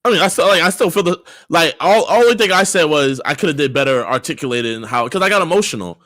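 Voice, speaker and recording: An upbeat young man rambles earnestly as a guest on a livestream. His voice sits a little high, and the sound is dry and close. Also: animated, fast, fairly bright tone, no room sound. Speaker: streamer guest. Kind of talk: casual livestream chat.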